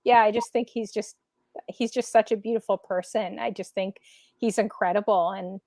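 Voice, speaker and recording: A woman's voice: mid-range voice, fairly even intonation, normal speed, a little mellow, no echo, studio quality. A woman hosting a live video stream, chatting casually and emotionally, rambling with many fillers. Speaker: livestream host. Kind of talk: casual livestream chat.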